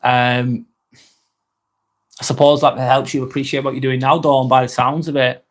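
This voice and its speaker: A man from Lancashire casually hosts a live stream, chatting with viewers and working through their comments while swearing freely and frequently restarting sentences. His mid-range voice barely moves in pitch and goes at a normal speed.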